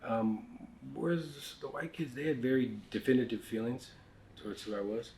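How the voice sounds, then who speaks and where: A man's voice: mid-range voice, normal speed, a little hiss or hum. Candid man telling stories, casual. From United States. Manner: candid, frequent fillers and restarts, drops to quiet asides. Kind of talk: casual storytelling conversation.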